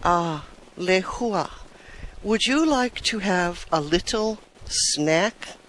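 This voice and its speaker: A woman voicing a smooth-talking man courting his date, speaking low and soft. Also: animated, very slow, slight background noise, full character voice, poor audio. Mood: suave.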